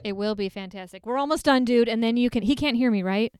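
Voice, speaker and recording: A woman co-hosting a podcast in casual chat, going on profane, fast rants with self-mocking asides. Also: on the high side, a little mellow, a little hiss or hum. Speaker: podcast co-host.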